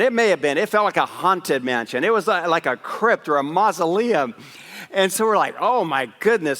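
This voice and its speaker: A man preaching a Christmas Eve sermon as a pastor, telling a lively personal story with asides. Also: high voice, long reverb tail. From West Africa. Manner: animated storyteller, raising his voice for punchlines. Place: church sanctuary.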